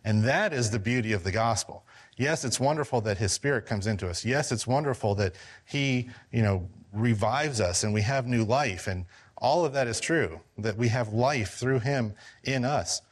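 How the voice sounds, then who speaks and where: A man's voice: mid-range voice, normal speed. Man teaching a church Bible class. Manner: conversational, many restarts and fillers. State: losing his voice. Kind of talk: casual Bible study teaching.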